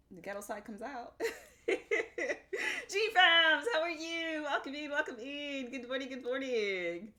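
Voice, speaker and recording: Bright-voiced chatty woman streamer. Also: high-pitched, very animated, slow pace. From Puerto Rico. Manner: chatty, laughing asides, greets chat by name. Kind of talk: casual chat.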